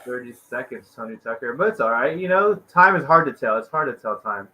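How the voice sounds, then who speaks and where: A man's voice: mid-range voice, lively intonation, fairly quick, bright, forceful tone, low-quality recording. A man co-hosting a casual sports stream, talking loosely with lots of filler and trailing off at sentence ends. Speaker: co-host.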